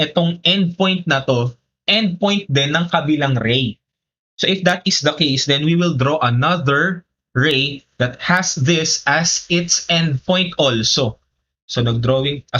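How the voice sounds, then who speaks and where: Bright-voiced Filipino man teaching geometry. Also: a little high, dull audio. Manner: explains step by step, switching between English and Tagalog. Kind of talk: live online math lesson.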